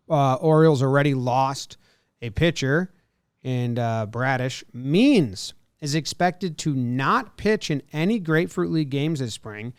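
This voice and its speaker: A man's voice: mid-range voice, smooth, no echo, clean studio sound. A man co-hosting a casual sports podcast, reading injury reports aloud and breaking off to joke and comment. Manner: reads news items aloud, then jokes and comments.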